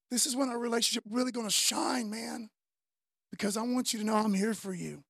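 A man, preaching a sermon in a loose, conversational way, often tagging lines with "man" and dropping from loud to soft. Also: very high-pitched, fairly quick, creaky, husky, no echo, clean studio sound. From Florida, US. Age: 50s. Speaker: pastor.

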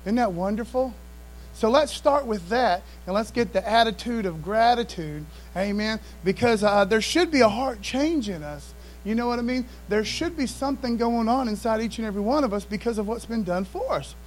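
A man's voice: high-pitched, lively intonation, moderate pace, low-quality recording. A man preaching a sermon in a conversational, emphatic way, often asking the congregation to respond. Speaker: pastor.

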